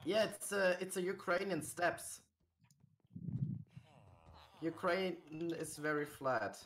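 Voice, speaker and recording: A man's voice: sits high, slow, a bit bright, a little hiss or hum. A man chatting casually while showing a friend around in a game, laid-back and hesitant with many ums. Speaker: fellow gaming YouTuber. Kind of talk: casual gameplay chat.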